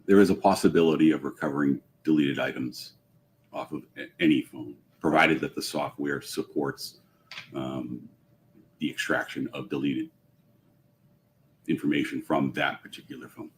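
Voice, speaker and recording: A male witness on the stand with an extremely low, deep voice. He answers in measured, formal sentences, with a faint hiss of background noise. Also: steady tone. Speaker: forensic witness. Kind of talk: courtroom testimony. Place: courtroom.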